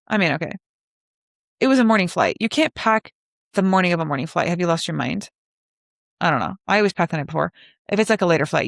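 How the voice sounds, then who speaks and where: A woman's voice: lowish voice, gravelly, fairly bright tone, dry recording, clean studio sound. A young woman in her twenties hosting a podcast alone, chatting casually and animatedly with lots of likes and asides. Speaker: podcast host. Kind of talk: casual solo podcast chat.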